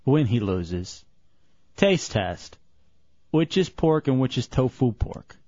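A man's voice: mid-range voice, very animated, slow pace, darkish tone, no room sound, dull audio. A man hosting a radio talk show, teasing his co-hosts and laughing often. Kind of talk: casual radio banter.

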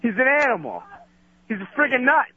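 High lively voice, worked-up guy ranting down a dry tinny phone line. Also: brisk. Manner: agitated, ranting and swearing. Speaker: caller on the radio show. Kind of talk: casual phone-in.

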